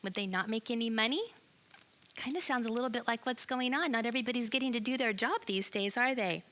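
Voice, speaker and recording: A woman telling a Bible story to children as a church lesson, animated and expressive, asking her listeners questions. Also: on the high side, fast talker, slight background noise. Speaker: children's ministry teacher.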